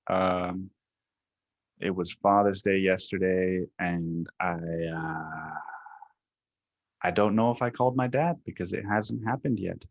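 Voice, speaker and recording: A man's voice: low-pitched, takes it slowly, creaky, no echo, lo-fi sound. A man hosting a solo podcast, talking casually in a rambling, profane way full of fillers and restarts. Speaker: podcast host.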